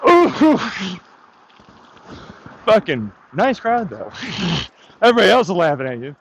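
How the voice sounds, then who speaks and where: A man's voice: high voice, big pitch swings, normal speed, vocal fry, long pauses. A man vlogging outdoors on a hike, ranting in a sarcastic, profane, mocking way as if heckling an imagined crowd. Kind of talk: rambling outdoor vlog monologue.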